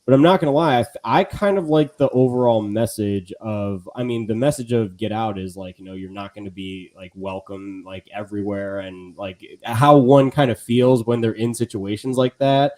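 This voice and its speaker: A man's voice: lowish voice, normal speed, hardly any pauses, dark tone. A man co-hosting a live podcast in casual chat, rambling with lots of fillers and restarts. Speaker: podcast co-host.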